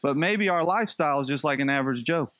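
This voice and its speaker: Male pastor, sermon, high voice, casual storytelling, joking asides, dry close sound. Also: quick pace, no room sound. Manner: conversational, animated storytelling with light humor.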